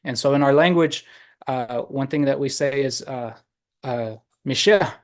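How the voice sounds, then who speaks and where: A man telling a traditional story to an online audience, unhurried, with many pauses and fillers. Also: medium pitch, darkish tone. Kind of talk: oral storytelling. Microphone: video call.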